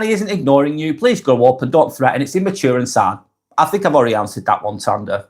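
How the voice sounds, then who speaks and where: A man hosting a live vlog, reading comments aloud and answering them bluntly, often swearing, then softening to reassure. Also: mid-range voice. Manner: blunt, sweary, swings between brusque and reassuring. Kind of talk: casual live vlog chat.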